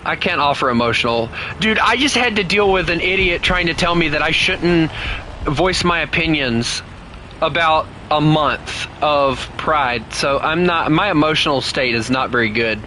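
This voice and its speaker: A man talks through a live game session, chatty and quick to laugh. His voice is bright and pitched a little high, with lots of rise and fall. A faint noise hums underneath. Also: animated, rough recording. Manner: chatty, laughs often, talks to chat and teammates. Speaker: gaming streamer. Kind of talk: casual live gameplay chat.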